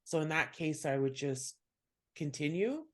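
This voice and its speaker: A podcast host and comedian who chats casually, offers many encouraging affirmations and laughs softly. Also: medium pitch, animated, unhurried. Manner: warm, encouraging listener, frequent affirmations and soft laughs. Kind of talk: casual interview chat.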